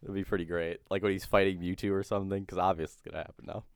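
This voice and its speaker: Laid-back young man, very deep smooth voice. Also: little pitch movement, rapid-fire, dry recording, studio quality. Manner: laid-back, chuckling, casual swearing. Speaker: podcast co-host. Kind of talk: casual chat.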